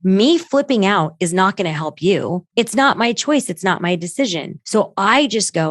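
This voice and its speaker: A middle-aged woman, a podcast guest, talking bluntly and emphatically, with quick asides and acted-out quotes. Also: medium pitch, animated, no room sound, studio quality. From United States. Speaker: podcast guest, crisis consultant. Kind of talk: candid conversational interview.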